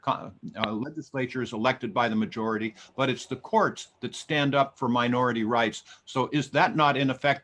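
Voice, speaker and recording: A man's voice: medium pitch, a bit bright. Joking male interview host. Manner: jokey, conversational. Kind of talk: interview talk.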